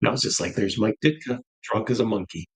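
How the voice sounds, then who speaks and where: A man's voice: fairly low pitch, animated, fast talker, breathy edge, rough recording. A man hosting a live stream, telling rambling stories in a loose, tipsy chat and laughing often. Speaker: podcast host.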